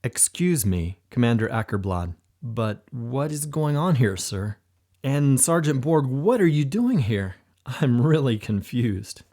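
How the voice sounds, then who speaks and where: An earnest young would-be spy who speaks politely and formally, a little higher than plain narration, as a man voices him. He is sincere and respectful. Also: big pitch swings, unhurried, dark tone. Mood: confused.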